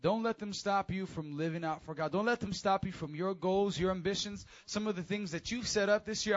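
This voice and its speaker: A man preaching a casual, high-energy sermon to teenagers as youth pastor, with call-and-response. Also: fairly quick, hardly any pauses, lo-fi sound.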